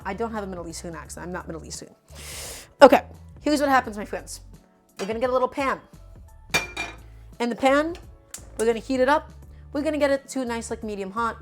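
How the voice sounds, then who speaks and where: A woman with a New York accent, chatting and explaining as she cooks on a live stream and talking straight to her viewers. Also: medium pitch. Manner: chatty and explanatory, often calls viewers "my friends". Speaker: cooking streamer. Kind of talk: casual live cooking demonstration.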